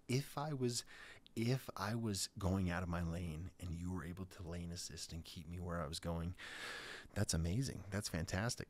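A man in his thirties hosting his podcast, talking in a rambling casual monologue full of restarts. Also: low voice. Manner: rambling, with many restarts and stammered starts. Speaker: podcast host.

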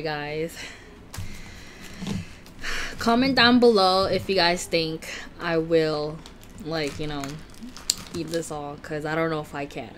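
A woman hosting her own eating vlog, talking slowly and unhurriedly to her viewers. She is nervous and giggly and keeps tripping over her words. A faint hiss sits under her voice. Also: on the low side. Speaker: mukbang vlogger. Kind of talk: casual chat to camera.

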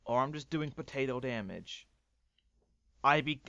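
A man doing excitable, swearing let's play commentary, ranting and often breaking into yells. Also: medium pitch, a little slow, creaky, clear, resonant tone, no echo, lo-fi sound. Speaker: gaming YouTuber.

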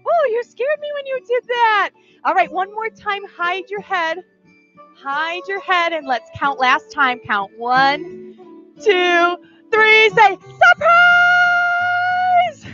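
A woman teaching a pre-recorded ballet class to small children, with an animated, sing-song way of talking. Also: sits high, muffled recording.

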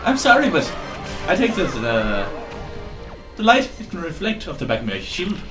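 A man putting on a high, bad mock Irish accent for a polite young girl game sidekick. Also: wildly swooping pitch, normal speed, music in the background. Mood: apologetic.

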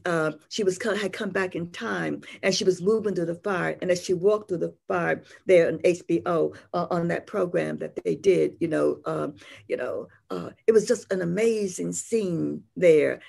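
An older woman speaks with a gravelly edge to her voice. She reads poetry with a chanting rhythm and answers questions in a slow, meandering way full of fillers. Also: lowish voice, darkish tone. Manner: rhythmic and incantatory in verse, unhurried and rambling in talk with many fillers. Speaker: poet and guest. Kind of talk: poetry reading and interview answers.

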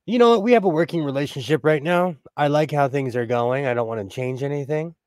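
A man's voice: a little high, fast, a little mellow, no echo, clean studio sound. A man from the United States chatting casually, joking around and laughing a lot. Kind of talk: casual chat.

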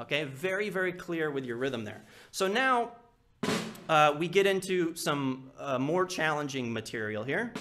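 A man's voice: on the high side, animated, moderate pace, background noise. A man teaching a percussion etude in a live lesson, counting aloud and singing rhythms with syllables. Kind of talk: live instructional walkthrough. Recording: loud snare drumming behind the voice.

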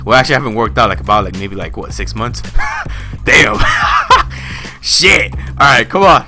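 A young man gaming at his home desk, out of breath, yelling and cursing at the game in frantic let's-play commentary. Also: medium pitch, animated, normal speed, faint music behind. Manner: yells and swears at the game, panting and cursing. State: out of breath and sweaty. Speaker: gaming YouTuber.

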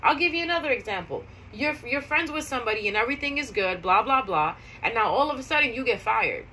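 Bright-voiced woman telling a chatty story. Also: on the high side, expressive, fast talker, slight background noise, poor audio. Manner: chatty, conversational, repeats key phrases for emphasis. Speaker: spiritual vlogger. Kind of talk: casual storytelling monologue.

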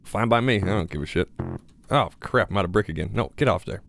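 A man's voice: low voice, lively intonation, fast talker, vocal fry, fairly bright tone, faint music behind. Chatty young man narrating his gameplay. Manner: chatty, self-talking, mildly sarcastic. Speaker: gaming YouTuber. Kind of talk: casual gameplay commentary.

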